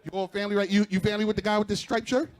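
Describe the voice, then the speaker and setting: Talking rapid-fire in a high voice with a level tone, a man does crowd work during a live stand-up set. He speaks straight to people in the audience, teasing them and cracking himself up.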